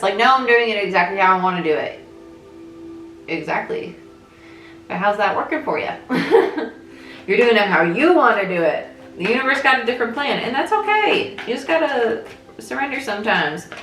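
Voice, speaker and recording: A woman's voice: fairly low pitch, fairly bright tone. Chatty woman tarot reader, echoey room. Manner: chatty, thinks aloud, frequent "right?" check-ins. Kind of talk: casual tarot reading. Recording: echoey room with faint music.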